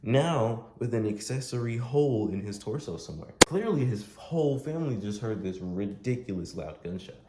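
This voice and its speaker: A young man with a lowish voice talks through a movie recap in loose, slangy, profane rambles, piling on filler words. The sound bounces around a roomy space, with a faint hiss underneath. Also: expressive, moderate pace, few pauses. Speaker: movie reviewer. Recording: roomy echo, faint noise.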